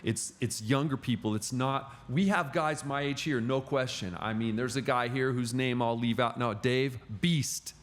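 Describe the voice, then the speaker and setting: A middle-aged man sits in as a podcast guest, chatting casually. He tells his stories with animated energy at a middle pitch. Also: moderate pace, hardly any pauses. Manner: animated storyteller. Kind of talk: casual conversation.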